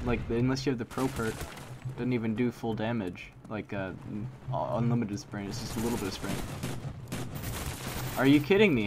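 A young man giving live gameplay commentary, excitable and frustrated, with sudden exclamations and muttered asides. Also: mid-range voice, background noise. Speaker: gaming commentator. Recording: game gunfire behind voice.

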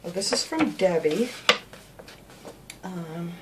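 A woman hosting a craft channel, chatting casually and warmly thanking viewers by name as she opens mail at home. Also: on the low side, animated, slow pace, heavy background noise. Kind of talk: casual chat, opening mail.

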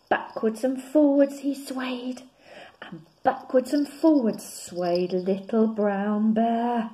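A woman teacher reading a children's picture book aloud in an expressive way. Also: medium pitch. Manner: slow and expressive.

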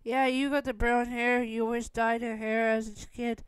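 A woman voicing an excitable, clingy little girl who speaks eagerly and pleadingly. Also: on the high side, normal speed, smooth, no room sound, natural voice. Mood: teasing.

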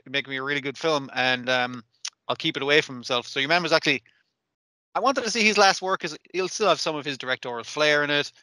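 A man's voice: a little high, bright, forceful tone, dry recording. A man co-hosting an anime podcast, chatting casually, swearing a lot and acting out characters' lines. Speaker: podcast co-host. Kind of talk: casual chat recapping an anime.

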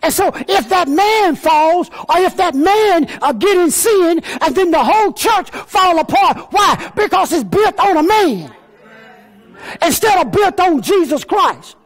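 A man preaching a sermon in a church as pastor, often rising to a shout, with many fillers and repeated phrases. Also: extremely high pitch, expressive, a little slow. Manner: often raises to a shout for emphasis.

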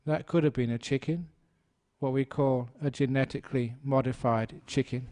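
A man's voice: mid-range voice, steady tone, moderate pace, mellow. A man, a Buddhist monk, giving a humorous dharma talk and telling a story. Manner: storytelling, playful, does animal sounds.

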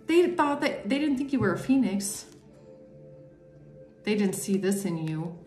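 Now her voice is medium-pitched, a little mellow, and very animated, though she talks a bit slowly. The casual tarot reading stays emphatic and chatty as she plays out what others might be thinking, against faint music and roomy echo.

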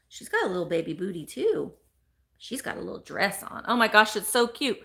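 A woman's voice: medium pitch, sing-song, a little fast, vocal fry, a bit bright. A woman hosting a casual live stream from home, gushing over the items she unboxes and greeting viewers by name. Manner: chatty, gushing, exclamatory, reads viewer comments aloud. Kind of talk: casual live-stream chat, opening mail.

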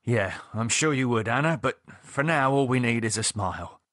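A man's voice: mid-range voice, animated, normal speed, fairly bright tone, no room sound, studio quality. A man voicing a blunt, sardonic man who swears casually while preparing a grim ritual. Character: edgy blunt man reviving a vampire.

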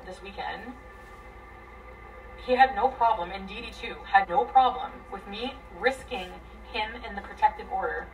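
A woman venting a tangled relationship story, profane and rambling, her voice swinging between loud bursts and near mutters. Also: mid-range voice, distant mic, low-quality recording. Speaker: guest telling her story. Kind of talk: emotional venting.

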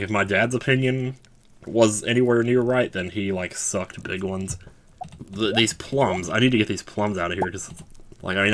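A man's voice: lowish voice, a bit bright, slight background noise. A man giving casual gameplay commentary, rambling through musing asides. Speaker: let's play gamer. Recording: clear game music underneath. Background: game music.

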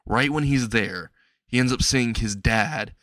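A man's voice: mid-range voice, unhurried, bright, forceful tone, dry recording. A man narrating a fan-made story in a casual, rambling way, chuckling at his own jokes.

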